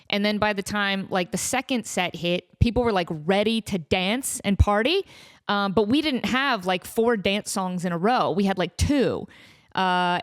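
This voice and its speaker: A woman, hosting a casual solo podcast. She talks in a chatty, animated way and acts out dialogue with big jumps in pitch. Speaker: podcast host.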